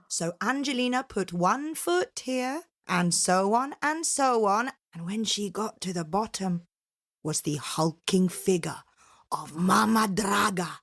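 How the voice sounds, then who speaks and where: Brief: woman storyteller, slow, lively pitch, dramatic children's tale. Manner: dramatic, unhurried, with voiced characters.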